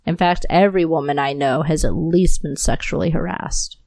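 A podcast host rants alone into her new mic, furious, unfiltered and cursing throughout. Her voice is low for a woman, gravelly and darkish, at a normal speed, and she talks fervently and directly. The recording is dry and close, her manner angry, profane and impassioned.

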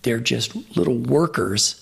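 A man's voice: medium pitch, unhurried, creaky, breathy edge. A man, a Hollywood fight trainer, telling profane, rambling stories in a casual interview, full of restarts. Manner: profane, rambling, animated anecdotes with many restarts. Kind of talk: casual storytelling in a podcast interview.

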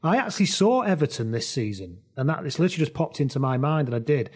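A mid-pitched man hosts a casual football chat, telling stories and tossing in quick asides. He keeps things moving between guests. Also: big pitch swings, darkish tone, slightly rough. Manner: chatty storyteller, quick asides. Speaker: podcast host.

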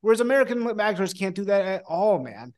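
A man's voice: high voice, brisk. A man guesting on a podcast as a film analyst, talking animatedly, filling his speech with "like" and casual swearing. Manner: animated, swears often, lots of "like". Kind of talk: casual conversational podcast chat.

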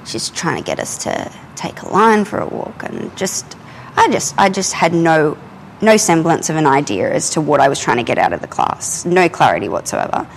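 A young adult woman, telling a candid personal story in a casual, animated way while she works in her art studio. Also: low-pitched, normal speed, vocal fry, slight background noise, rough recording. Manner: animated, candid, often swears and laughs. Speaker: artist and podcast host. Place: art studio, drawing and climbing ladders while talking.

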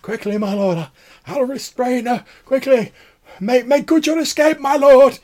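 A man voicing a frantic blind old vagrant man who shouts desperate pleas. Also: very high-pitched, unhurried, voice pushed up. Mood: frantic pleading. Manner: loud desperate pleading.

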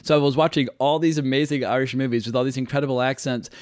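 An American man hosting a casual podcast talk about films, animated and quick to laugh. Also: mid-range voice, dry recording, studio quality. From United States. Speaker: podcast host. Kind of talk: casual film discussion.

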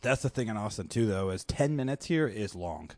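A man's voice: on the low side, lively intonation, fairly quick, a little mellow, no echo, studio quality. A man, a stand-up comic guest on a podcast, talking in a laid-back, casual way with lots of fillers. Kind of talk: casual chat.

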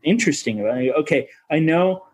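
On a podcast, a Minnesota man who coaches other coaches talks in a searching, philosophical way, swearing casually throughout this reflective conversation. His voice is a little high, animated and brisk, though the audio is poor.

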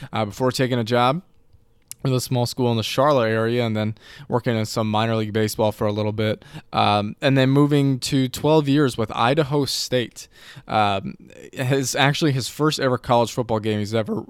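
A man's voice: medium pitch, smooth, no room sound, clean studio sound. A man hosting a podcast, introducing a guest and asking questions in a loose, conversational way with plenty of filler words. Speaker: podcast host.

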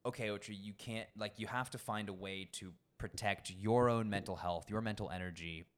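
A young man, a sommelier, telling work stories in a casual interview, animated and acting out the people he quotes. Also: lowish voice, moderate pace. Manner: animated, acts out quoted people, frequent swearing. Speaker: guest sommelier.

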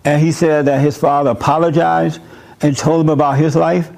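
A man's voice: a little high, little pitch movement, moderate pace, creaky, darkish tone. A man preaching a sermon to a gathered audience. He talks bluntly and with emphasis, as the host of his own call-in show. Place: room with a live audience.

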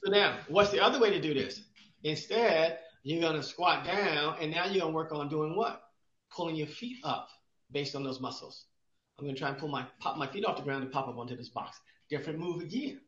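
Here the exercise-expert co-host talks through fitness in a relaxed podcast conversation, restarting frequently and asking himself rhetorical questions. He has a fairly high, fairly bright voice, captured in a roomy, dull, lo-fi recording.

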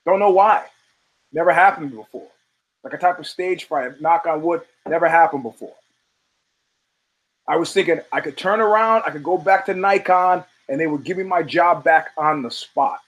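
A man's voice: a little high, normal speed, hardly any pauses, fairly bright tone, rough recording. A male show host giving a blunt, rambling commentary monologue full of profanity and restarts.

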